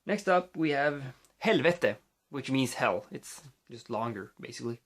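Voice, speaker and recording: A man's voice: mid-range voice, expressive, unhurried. Rambling Swedish man vlogging on a phone. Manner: rambling, with many fillers and restarts. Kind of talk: casual rambling vlog.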